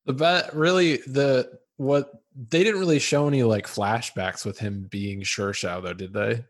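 A man's voice: medium pitch, steady tone, unhurried. A man co-hosting a podcast in easygoing casual chat, agreeing and laughing along. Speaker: podcast co-host.

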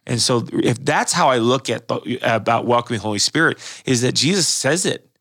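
A pastor talks through his beliefs in an earnest, explanatory way, often doubling back on words mid-sentence. His voice is bright and forceful. The sound is close and dry, with no room around it. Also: medium pitch, animated, no echo. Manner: earnest, explanatory, quickly repeats words and restarts phrases. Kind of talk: casual church discussion.

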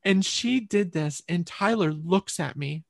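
A middle-aged woman, a podcast guest, telling a personal story in an earnest, halting way with many restarts. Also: on the low side, animated, creaky, dry recording.

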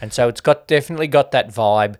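Talking fast in a mid-range voice with a darkish tone, this man co-hosts a laid-back film review podcast. His casual, chatty delivery includes quoting people in mock voices.

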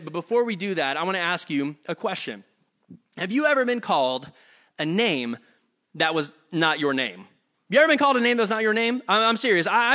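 A high, bright male voice gives a relaxed, joking sermon to his congregation. He talks in a chatty way and stumbles over repeated words. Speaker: pastor. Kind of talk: casual, humorous sermon.

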